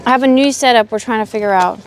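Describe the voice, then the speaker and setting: A young livestreamer from Oregon, USA, talks quickly with her live chat while out in a windy park, filming on a phone mounted on a selfie stick. She mentions being sick and low on energy but keeps chatting with some sass.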